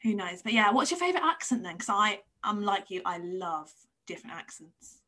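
A woman's voice: mid-range voice, sing-song, fairly quick, sharp tone. A woman from England hosting a casual interview chat, chatty and laughing often, with hesitant restarts. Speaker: podcast host.

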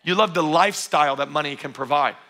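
Fervent male pastor with a bright voice. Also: on the high side, quick pace. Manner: fervent, emphatic preaching with repeated urgings. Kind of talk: sermon. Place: church service.

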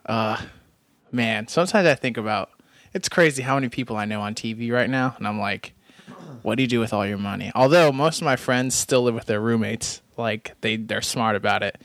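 A man's voice: medium pitch, normal speed, a bit bright, no echo. Podcast host, young guy, rambling self-deprecating chatter, dry close mic. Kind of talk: casual chat.

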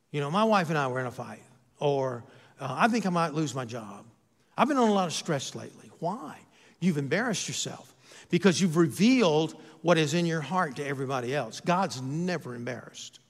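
A man's voice: on the high side, in a large hall. A man who is a pastor, preaching a sermon and asking his listeners rhetorical questions, his volume rising and falling.

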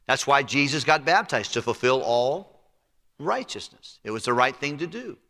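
A man preaching a sermon as pastor, emphatic, letting his voice sink low and quiet on key words. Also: lively intonation, moderate pace. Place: church sanctuary. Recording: reverberant church hall.

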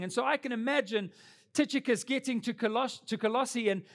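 A young adult man preaching a sermon as pastor, earnest and building to emphatic peaks. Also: very high-pitched.

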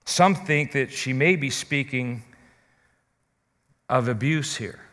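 A man with a slightly high, sharp-toned voice preaches a sermon as a pastor, speaking earnestly and directly to his listeners. A long reverb tail trails his words.

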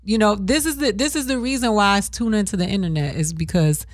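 A woman's voice: mid-range voice, brisk, no echo, clean studio sound. A woman hosting a live online show, talking casually and laughing often. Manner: lively, talkative, laughing often. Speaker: host.

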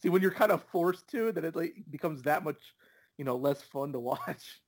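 A man's voice: on the high side, expressive, normal speed. A young man co-hosting a soccer podcast, agreeable and easygoing, talking with lots of "you know"s. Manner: easygoing, agreeable, many fillers. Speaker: podcast co-host. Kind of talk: casual soccer chat.

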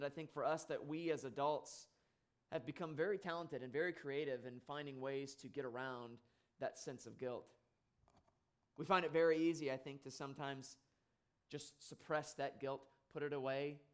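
Casting: male preacher, earnest sermon delivery, slightly higher voice, builds to emphatic peaks then falls quiet. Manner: earnest, swells louder and higher on key points, drops soft on sad ones.

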